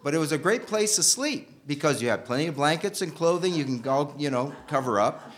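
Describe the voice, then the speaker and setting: A man telling a story from his own life, his pitch lively and bouncing all over. He swings from loud bursts to hushed, almost whispered asides. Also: fairly quick. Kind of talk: personal storytelling.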